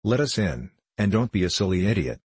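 A man voicing a cheeky, impudent schoolboy in a storybook, talking excitedly. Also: on the low side, fairly quick, slightly rough, dry recording.

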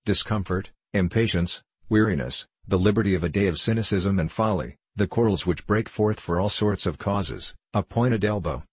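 A man narrating an audiobook in a measured, evenly paced reading. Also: low-pitched, slightly rough, no echo.

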